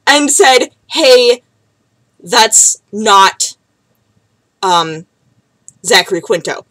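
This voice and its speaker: A woman's voice: a little high, a bit bright, no room sound, poor audio. A young woman telling a rambling story to camera, with many fillers and frequent swearing. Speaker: vlogger. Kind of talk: casual storytelling.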